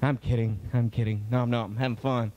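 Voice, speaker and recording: A man with a put-on Scottish accent doing a loud, playful stand-up routine. He jumps between high shouts and low asides. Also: level tone, fast talker, highs cut off. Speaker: stand-up comedian.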